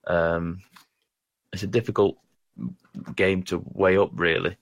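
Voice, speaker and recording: A man in a casual gaming chat, talking in a rambling, halting way and poking fun at his own skills. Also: deep voice, level tone, no echo. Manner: rambling, halting, self-deprecating.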